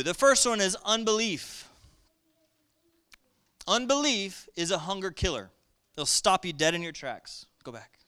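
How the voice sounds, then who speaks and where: High bright-voiced energetic male preacher. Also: clean tone. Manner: energetic, call-and-response with congregation. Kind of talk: sermon.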